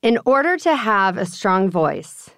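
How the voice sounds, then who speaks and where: A woman guest on a podcast, an actor and singer, patiently explaining how to warm up and support the voice. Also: mid-range voice, very animated, unhurried, no room sound, clean studio sound. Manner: patient, instructive. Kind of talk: explaining vocal technique.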